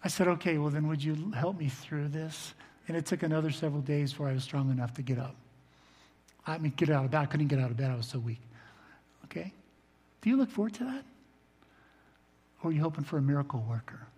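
An older man, a pastor preaching a sermon to his congregation, earnest, swinging between loud emphasis and soft low asides. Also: fast, long pauses, husky. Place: church sanctuary. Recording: long reverb of a large hall.

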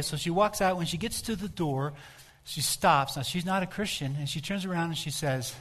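A middle-aged man, a pastor, preaching a sermon in a relaxed storytelling way and asking his congregation direct questions. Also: a little high, moderate pace.

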